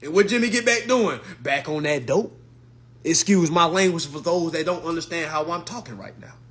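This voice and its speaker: A man giving an emphatic, casual rant to camera, swearing and swinging from hushed to loud. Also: fairly high pitch, normal speed. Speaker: vlogger.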